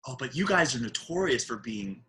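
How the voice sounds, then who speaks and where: A man with a New York accent hosting a podcast in casual, animated, joking chat. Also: medium pitch, brisk, a little hiss or hum, poor audio. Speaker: podcast host.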